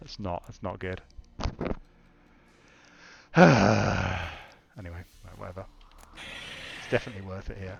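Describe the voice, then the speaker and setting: A man's voice: low-pitched, measured pace, vocal fry, long pauses, breathy edge, faint music behind. A young man casually commenting as he plays a video game, thinking aloud with exasperated asides. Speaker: gamer. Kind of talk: casual let's-play commentary.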